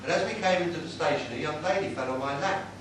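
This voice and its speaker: A man doing a tribute act as a cheeky old-time music-hall comic, telling saucy gags in brisk patter. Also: fairly high pitch, lightly acted. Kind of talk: live stand-up with saucy gags. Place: live venue with an audience. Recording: roomy and distant with loud noise.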